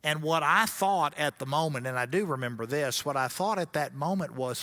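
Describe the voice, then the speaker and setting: A man's voice: fairly high pitch, lively intonation, moderate pace, few pauses, sharp tone. A middle-aged man giving a seminar lecture as a guest speaker, telling stories with wry asides.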